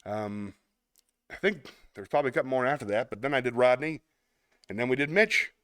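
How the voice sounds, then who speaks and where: Male host, casual live-stream chat, rambling and upbeat, mid pitch, dry close sound. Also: a little fast, smooth, dry recording. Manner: chatty, rambling, laughs often, animated bursts.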